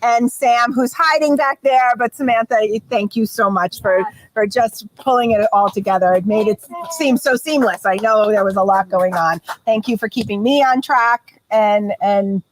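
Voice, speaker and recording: A woman host, hoarse from a long day, warmly thanking her team by name at a live event. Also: on the high side, normal speed, hardly any pauses, rough recording. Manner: effusive, laughing, thanking crew by name.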